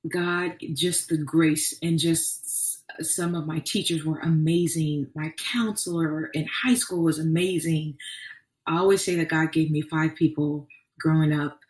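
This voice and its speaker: A woman's voice: deep voice, steady tone, a little slow, a little mellow. Earnest woman sharing testimony, echoey room. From Arkansas. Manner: earnest, faith-filled storytelling with many restarts. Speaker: podcast host. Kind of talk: personal testimony podcast. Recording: echoey room, distant mic.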